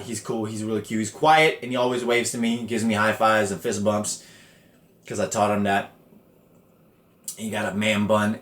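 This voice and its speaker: A man of middle pitch hosts a podcast in a roomy, echoey space. He tells stories in loose slang full of swearing, jumping into loud quoted voices when he acts out the other people. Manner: animated, profane, quotes people in raised voices. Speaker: podcast host. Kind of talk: casual storytelling monologue. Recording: echoey room.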